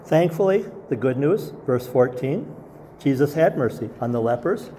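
A man's voice: medium pitch, lively intonation, moderate pace, mellow, slight background noise. A man preaching a sermon as pastor, earnest and asking the congregation rhetorical questions.

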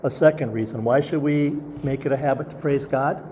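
A man's voice: medium pitch, fairly quick, warm tone, slight background noise. A man preaching a sermon as pastor, earnest and asking the congregation rhetorical questions.

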